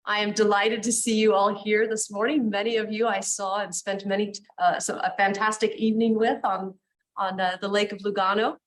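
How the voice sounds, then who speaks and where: A woman's voice: medium pitch, little pitch movement, normal speed, low-quality recording. A woman moderating a conference session, welcoming the audience and introducing a speaker with enthusiasm.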